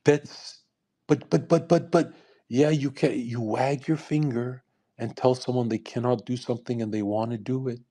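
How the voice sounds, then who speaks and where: A man's voice: mid-range voice, fairly even intonation, moderate pace, dark tone. A young man giving a provocative, crude, preachy monologue on a live voice call. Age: young adult. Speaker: speaker on a live audio call. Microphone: online voice call.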